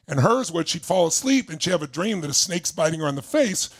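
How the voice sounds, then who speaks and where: An older man telling a story as a motivational speaker, animated and laughing as he asks the audience questions. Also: a little high, brisk. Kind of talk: storytelling seminar talk.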